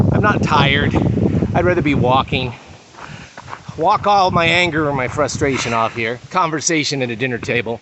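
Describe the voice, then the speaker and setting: A man's voice: mid-range voice, heavy background noise. Frustrated, cursing man vlogging outdoors. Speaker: vlogger walking a pilgrimage trail. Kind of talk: vlog narration and walking selfie talk. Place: outdoors on a rural walking trail. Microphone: handheld phone.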